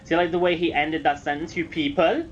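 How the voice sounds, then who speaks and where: A man's voice: fairly high pitch, level tone, fast talker, muffled recording, a little hiss or hum. Chatty English man streaming a game. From England. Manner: chatty, rambling, swears casually. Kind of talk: casual gameplay commentary.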